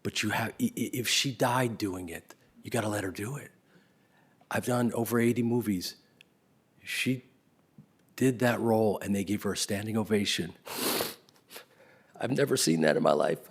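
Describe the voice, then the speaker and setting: A middle-aged man speaks in a fairly low, husky voice as he gives a tribute. He tells his stories in waves, loud and laughing at one moment, then dropping to a near-whisper. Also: moderate pace, long pauses. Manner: swings between loud laughing bursts and soft near-whispers. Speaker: eulogy speaker. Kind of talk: spoken tribute, storytelling.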